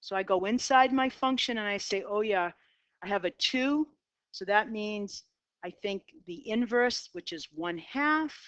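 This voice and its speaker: A woman's voice: mid-range voice, animated, unhurried, a bit bright, clear, resonant tone, no echo. A middle-aged woman with a Boston accent teaching a math class, talking herself through graph sketches in an upbeat way. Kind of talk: classroom lecture. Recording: dull lo-fi, dry.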